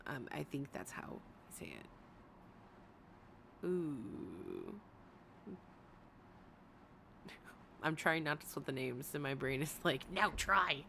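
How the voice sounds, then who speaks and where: A woman's voice: a bass voice, big pitch swings, takes it slowly, creaky, pauses often, fairly bright tone, a little hiss or hum. A woman streamer in casual commentary, worn out from hours of talking, rambling and breaking off with giggles. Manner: rambling, self-interrupting, giggly. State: tired from long talking.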